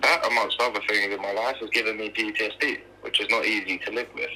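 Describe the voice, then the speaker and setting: A man's voice: lowish voice, fairly even intonation, fast talker, sharp tone, a little hiss or hum, rough recording. A young man telling his own story in a documentary interview, blunt and swearing freely. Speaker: interviewee, knife attack survivor.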